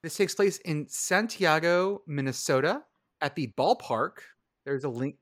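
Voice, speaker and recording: A man hosts a casual podcast conversation. His voice sits a touch high, and he talks in a playful, deadpan way. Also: a little slow. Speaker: podcast host. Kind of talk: casual chat.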